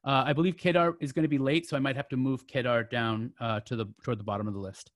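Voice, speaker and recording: A man's voice: mid-range voice, steady tone, fast, no echo. Chatty man hosting a video-call open mic. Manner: chatty, joking, many fillers and restarts.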